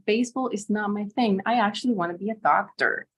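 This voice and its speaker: A woman's voice: mid-range voice, brisk, husky. A woman from the Dominican Republic who moderates the conference and asks friendly, upbeat questions. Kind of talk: casual interview questions.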